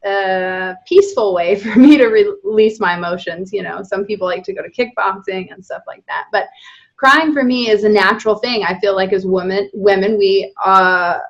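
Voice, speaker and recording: Female guest, mid-pitched, open and animated with frequent laughs, somewhat dull recording. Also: normal speed. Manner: candid, animated, laughs often. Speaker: podcast guest. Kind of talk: casual spiritual conversation.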